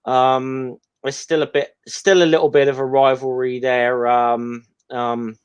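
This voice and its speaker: A man's voice: medium pitch, level tone, a little slow, clean tone. A man, co-hosting a casual film commentary chat, hesitant and rambling with many ums. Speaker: podcast co-host.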